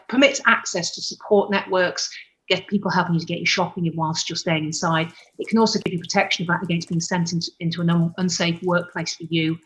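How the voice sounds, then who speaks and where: A woman's voice: on the low side, a bit bright, slight background noise, rough recording. A woman doctor giving an earnest conference presentation over a video call, correcting herself now and then. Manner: earnest, explanatory, with self-corrections.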